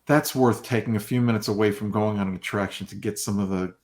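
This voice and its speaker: A man's voice: fairly low pitch, steady tone, fast, darkish tone, echoey room. A man co-hosting a casual fan podcast, talking about the theme park with gushing enthusiasm. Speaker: podcast co-host. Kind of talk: casual chat.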